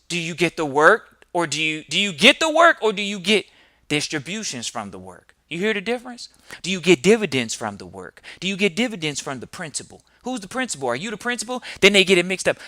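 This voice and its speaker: A male podcast host delivers a preachy monologue full of rhetorical questions. His voice is sharp and forceful and sits fairly high. It sounds dry and close. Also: big pitch swings, fairly quick, no echo. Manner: emphatic, fires rhetorical questions.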